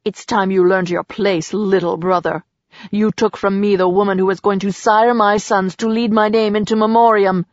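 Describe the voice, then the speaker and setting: A woman's voice: mid-range voice, steady tone, normal speed, no echo, close to an everyday voice. A woman voicing an arrogant, cruel male god who snarls with contempt, on a slightly muffled recording. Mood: threatening.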